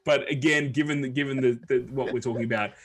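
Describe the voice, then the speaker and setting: A man's voice: mid-range voice, fast talker, a crowd in the background. A man co-hosting a livestream talk show, rambling in casual chat with many restarts. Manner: rambling, many restarts, animated when telling jokes. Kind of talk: casual chat, telling a joke.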